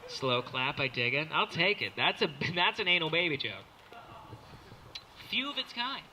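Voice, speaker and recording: A man's voice: a little high, very animated, normal speed, sharp tone, slight background noise. A young man doing a rambling, self-mocking stand-up comedy set before a live crowd. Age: young adult. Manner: rambling, self-mocking, jumps into silly character voices.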